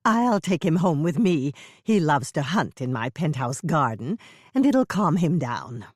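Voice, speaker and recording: A woman's voice: low-pitched, big pitch swings, unhurried, a little mellow, husky, no echo, studio quality, heavily acted. A woman voicing an anxious, fussing older mother who talks in a flustered, pleading way.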